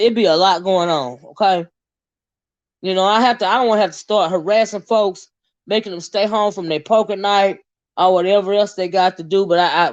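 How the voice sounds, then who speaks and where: A woman's voice: medium pitch, dry recording, lo-fi sound. A woman, chatting casually to her viewers, talkative and laughing often. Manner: chatty, laughs a lot, drawls "child" and "y'all". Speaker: vlogger.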